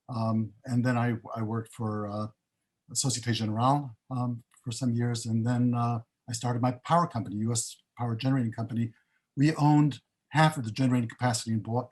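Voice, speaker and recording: Older guy, husky voice, rambly storytelling, keeps going off on tangents. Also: medium pitch, darkish tone. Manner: rambling, self-interrupting storyteller. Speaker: panelist. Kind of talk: recounting career story.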